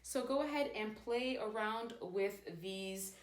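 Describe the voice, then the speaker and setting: A woman giving a casual language lesson, modeling phrases slowly and carefully. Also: mid-range voice. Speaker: language teacher. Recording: echoey room.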